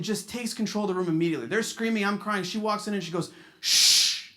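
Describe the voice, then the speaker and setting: A male stand-up comedian performing at a charity gala, with a punchy, animated delivery. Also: high voice.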